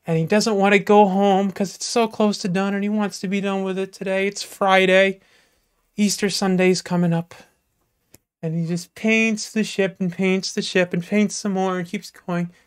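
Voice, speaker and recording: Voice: medium pitch, flat delivery, clean tone. Playful live joke-teller. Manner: drawn-out, playful narration with sudden bursts. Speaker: comedic storyteller. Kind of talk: live shaggy-dog joke telling.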